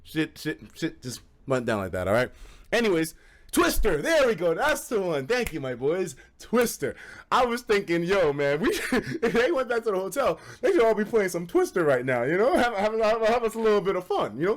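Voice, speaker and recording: A man's voice: high voice, very animated, moderate pace. A man streamer telling a casual story on a livestream, swearing freely, laughing mid-sentence and acting out his friends' lines.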